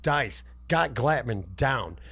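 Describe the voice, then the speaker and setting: A man's voice: medium pitch, animated, slow pace, bright, forceful tone, slightly rough. A man co-hosting a podcast, telling rambling stories full of swearing and laughter. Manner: profane, laughing, rambling storytelling. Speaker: podcast co-host. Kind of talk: casual podcast banter.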